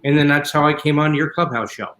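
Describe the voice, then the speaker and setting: A man comedian guest on a video chat, talking in a relaxed, rambling way. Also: on the high side, a little fast, background noise. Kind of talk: casual chat. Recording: roomy echo.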